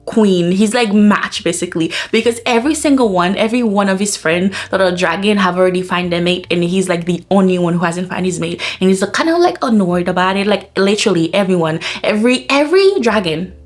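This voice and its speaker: A woman chatting casually in a book review vlog. She talks with excitement, laughs often and fills her speech with "like.". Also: mid-range voice, fairly quick, hardly any pauses. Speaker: book vlogger.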